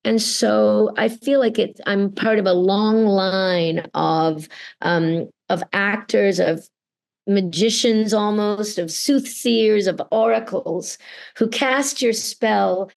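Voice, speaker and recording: A woman's voice: medium pitch, slow, gravelly. A middle-aged woman from Canada speaking earnestly and expressively in an interview, acting out the people she quotes. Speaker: voice actor guest. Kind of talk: interview conversation.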